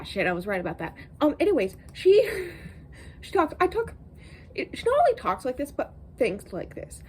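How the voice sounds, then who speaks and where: A woman book vlogger in a casual review, ranting in an exasperated, animated way with plenty of ums and likes. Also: mid-range voice, slight background noise, low-quality recording.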